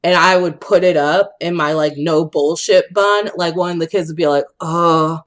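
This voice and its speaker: A young woman co-hosting a casual podcast chat, her voice sitting a little low. She tells stories with lots of energy, puts on the voices of the people she quotes, and breaks into laughter often. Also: moderate pace. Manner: animated storyteller, acts out quotes, laughs often. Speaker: podcast co-host.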